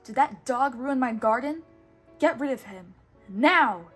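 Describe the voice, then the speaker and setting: A woman's voice: high voice, animated, unhurried, breathy edge, soft background music, heavily acted. The Beast, a hot-tempered male beast, read by a woman. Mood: angry. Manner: loud, angry, commanding. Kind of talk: storybook read-aloud.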